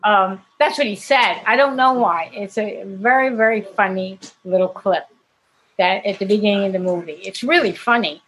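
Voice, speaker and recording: A woman's voice: medium pitch, moderate pace, a bit bright, slight background noise, rough recording. A woman, an actress, casually telling anecdotes in an interview, chatty and laughing often. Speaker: actress guest.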